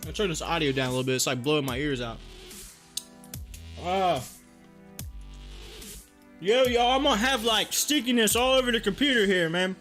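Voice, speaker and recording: A man's voice: high voice, expressive, moderate pace, pauses often, fairly bright tone, faint music behind. A man hosting a stock market livestream in casual chat, joking and laughing often while eating as he talks.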